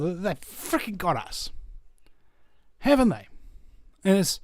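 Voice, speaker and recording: A man with a New Zealand accent hosting his own show, talking in a rambling monologue with restarts, swinging from loud outbursts to low mutters. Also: very animated, takes it slowly, pauses often, dry recording. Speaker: talk show host. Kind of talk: animated monologue.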